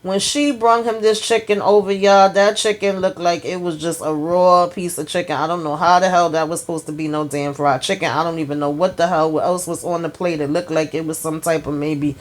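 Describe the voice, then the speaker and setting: A woman with a lowish voice recaps a TV episode in a sassy, animated way. She talks straight to her viewers and keeps pulling them into her reactions. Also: a little fast, few pauses. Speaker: TV episode reviewer. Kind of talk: casual recap monologue.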